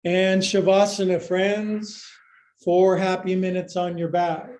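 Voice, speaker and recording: A man's voice: high voice, little pitch movement, slow pace, a little mellow. A male yoga teacher leading a live-streamed class, cueing poses with playful jokes and sometimes out of breath.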